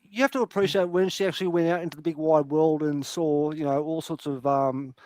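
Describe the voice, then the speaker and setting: A man's voice: a little high, brisk, no echo. A man in casual chat on a panel show, ranting and swearing freely about TV shows. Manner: heavy swearing, animated rants. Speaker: podcast panel host.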